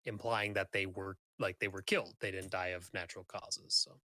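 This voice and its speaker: A man narrating a tabletop game as game master, halting, with many ums and restarts. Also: low voice, steady tone, bright, forceful tone, no room sound.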